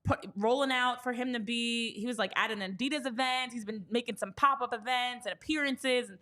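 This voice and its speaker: A woman's voice: fairly high pitch, brisk, pushed and bright. A woman co-hosting a casual sports podcast, talking emphatically with exasperated rhetorical questions. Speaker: podcast co-host.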